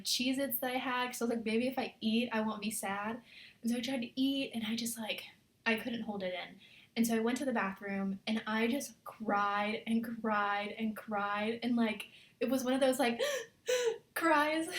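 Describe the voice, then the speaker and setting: A woman's voice: fairly high pitch, echoey room. A young woman vlogging about life as a military spouse, talking in a chatty, earnest way full of fillers and giving encouragement. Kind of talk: casual confessional vlog.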